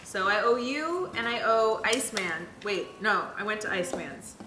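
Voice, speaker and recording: A woman's voice: medium pitch, expressive, moderate pace. A young woman streaming a video game, chatting casually and giggling while she reads out viewer comments. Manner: bubbly, giggly, chatty with many fillers. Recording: roomy echo with background music.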